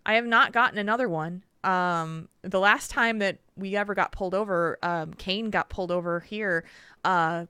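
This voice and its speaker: A woman's voice: medium pitch, clear, resonant tone, no room sound, clean studio sound. A young adult woman from the United States, co-hosting a casual podcast and telling stories animatedly with frequent laughter. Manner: animated storyteller, laughs often. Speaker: podcast co-host.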